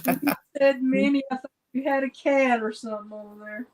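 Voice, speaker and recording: A woman joins a casual live chat and tells anecdotes with dry humor. Her voice sits high, and her delivery stays easy and wry. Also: steady tone, a little fast, darkish tone. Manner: dry, joking storyteller. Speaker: guest on a live stream.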